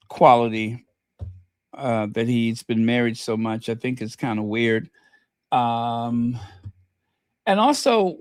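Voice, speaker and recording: A man's voice: mid-range voice, no echo, clean studio sound. A man hosting a casual livestream, rambling with many fillers and reading viewer comments aloud. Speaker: channel host.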